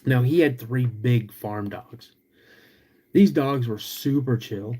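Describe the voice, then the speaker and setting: A man's voice: mid-range voice, slightly rough. Man telling a spooky story. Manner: animated, drawn-out storytelling with sudden loud bursts. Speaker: podcast host.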